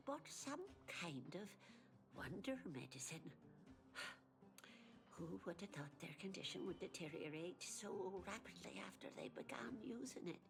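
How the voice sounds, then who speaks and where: A sorrowful old woman speaks in a low, gravelly near-whisper, for a game. Her tone is gentle and weary, with a faint accent. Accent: foreign-sounding. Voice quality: gravelly, hushed.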